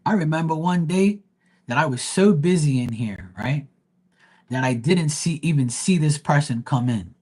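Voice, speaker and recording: A man's voice: fairly high pitch, expressive, normal speed, a little mellow, slightly rough. A man reading tarot live, telling a story in a blunt, heated rant and cursing freely. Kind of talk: ranting livestream monologue.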